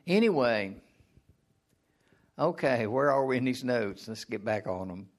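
A man giving a sermon in a conversational way, asking the listeners questions and answering them himself, and now and then acting out a mock prayer. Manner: acts out mock prayers in a high strained voice. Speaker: preacher.

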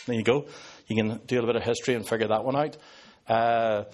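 A man's voice: lowish voice, very fast, a little hiss or hum. Northern Irish man, 50s, pastor; sarcastic, joking preacher working the crowd. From Northern Ireland. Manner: joking, sarcastic asides to an audience. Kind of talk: sermon.

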